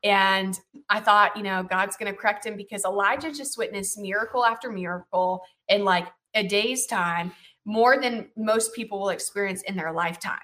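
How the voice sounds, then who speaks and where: Bright-voiced woman telling a Bible story. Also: mid-range voice, steady tone, moderate pace. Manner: chatty, full of fillers like "you know" and "like"; checks in with the listener with "right?" and "okay?". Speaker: guest Bible teacher.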